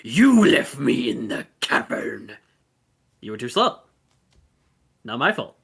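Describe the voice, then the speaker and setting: A man voicing a gruff male hammerhead shark pirate captain who trades insults. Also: mid-range voice, wildly swooping pitch, slow, a bit bright, full character voice. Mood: taunting. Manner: swaggering, insulting.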